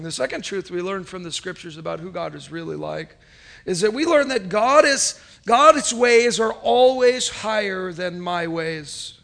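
A pastor in his thirties delivers a sermon, his voice sitting noticeably high for a man. He tells stories in an animated, conversational way, dropping in asides as he goes. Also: gravelly.

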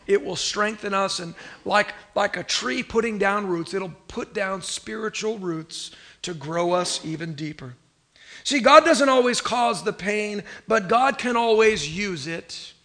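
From Northern California, this male pastor preaches in a noticeably high voice for a man, with a slightly bright tone. His delivery is casual yet emphatic, and he often repeats phrases and invites the congregation to answer back.

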